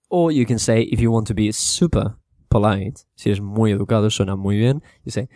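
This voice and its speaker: A man teaching English to Spanish speakers in a casual spoken lesson, repeating words slowly to show how they sound. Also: fairly low pitch, no echo, clean studio sound. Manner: relaxed, repeats words slowly to model pronunciation, mixes in Spanish.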